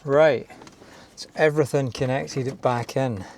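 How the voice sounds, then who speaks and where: Working inside a parked car, a Scottish DIY host talks slowly and with fairly even intonation in a mid-range voice, narrating a casual install walkthrough. He's chatty and self-deprecating, thinking aloud, against a noisy background.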